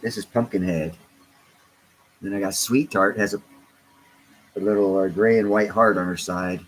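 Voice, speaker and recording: Rambling stoned man, low voice. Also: steady tone, normal speed, poor audio. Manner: meandering, self-interrupting, talks to viewers and his cat. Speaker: crypto vlogger. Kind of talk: casual rambling livestream chat.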